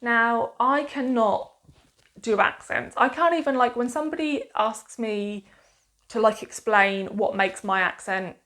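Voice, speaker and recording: A woman's voice: fairly high pitch, measured pace, fairly bright tone. A woman with a Suffolk accent talking casually to camera as a book reviewer, chatty and enthusiastic, with lots of fillers and restarts.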